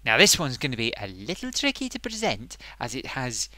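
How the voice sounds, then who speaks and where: A man voicing an excitable male sock puppet who hosts a comic makeup review, gushing and bumbling. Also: mid-range voice, a little fast, dry recording, heavily acted. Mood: excited. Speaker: host.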